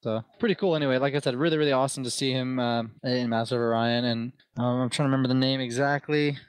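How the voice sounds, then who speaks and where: A man's voice: mid-range voice, fairly even intonation, quick pace, smooth, no echo. A British man, a podcast guest, chatting in a rambling, self-deprecating way. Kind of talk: casual podcast chat.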